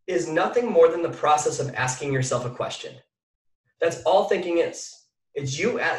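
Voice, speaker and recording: A man giving a motivational talk to an audience, energetic and often asking the listeners questions. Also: high-pitched. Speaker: mindset speaker. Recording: echoey room from far off.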